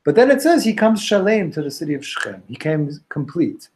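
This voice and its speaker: A man teaching an informal Talmud class, retelling a story with lively restarts and Hebrew and Aramaic quotes. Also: fairly high pitch, fairly quick, poor audio. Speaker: Torah teacher.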